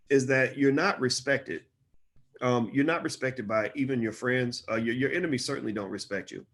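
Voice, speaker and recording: Middle-aged guy ranting to camera, fired up, keeps repeating himself, voice climbs when he gets going. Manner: impassioned, repeats phrases, rises in pitch when animated. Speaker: commentator. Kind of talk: solo commentary to camera.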